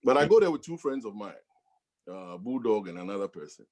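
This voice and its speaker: A man's voice: lowish voice, brisk. A middle-aged man from Ghana, a DJ and professor, telling stories in a casual interview and laughing often. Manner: laughs often, animated storytelling. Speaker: guest DJ and professor.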